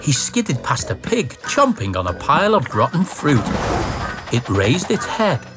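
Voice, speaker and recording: A storyteller reading a children's picture book aloud with playful, expressive delivery and sound words. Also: medium pitch, a little slow. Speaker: narrator. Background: children's music.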